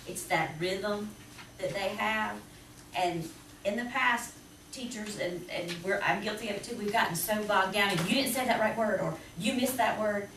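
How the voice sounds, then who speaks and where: A woman teacher with a Southern US accent, talking to parents about reading in a chatty, lively way. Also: medium pitch. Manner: chatty, lively, quick to laugh. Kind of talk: presentation to parents. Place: school classroom. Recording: roomy, distant, noisy classroom recording.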